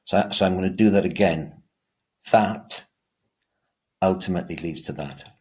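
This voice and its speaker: A man with a very deep, low voice lectures as a teacher. He speaks with emphasis and often stumbles into restarts, repeating words before pressing his point. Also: moderate pace, darkish tone. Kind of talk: revision lecture.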